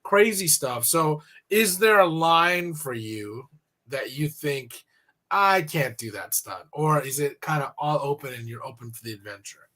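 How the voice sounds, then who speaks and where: Male radio talk host, chatty, rambling questions, slightly high voice. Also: animated, measured pace, bright, forceful tone. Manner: conversational, asks long rambling questions. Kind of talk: radio interview.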